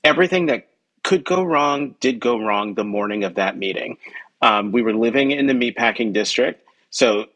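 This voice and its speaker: A male journalist appears as a podcast guest and tells a personal story in conversation at normal speed, heard through a muffled recording. He is animated, acts out quoted dialogue with jumps in pitch, and uses frequent ums and self-corrections.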